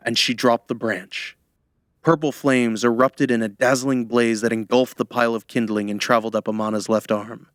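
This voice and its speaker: A man narrating a fantasy audiobook in a measured storytelling manner, close to the microphone. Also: medium pitch, little pitch movement, a bit bright, no room sound. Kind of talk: scripted narration.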